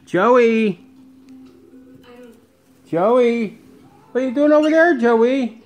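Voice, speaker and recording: A man coaxing his pet parakeet in a high, sing-song voice. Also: animated, drawn-out words, dull audio, background noise. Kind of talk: talking to a pet bird.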